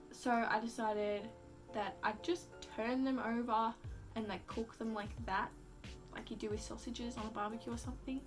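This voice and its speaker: Young woman, chatty storyteller, light high voice, faint music behind. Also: darkish tone. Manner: chatty, heavy use of "like" fillers; swears casually and acts out quotes. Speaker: vlogger. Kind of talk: casual storytelling.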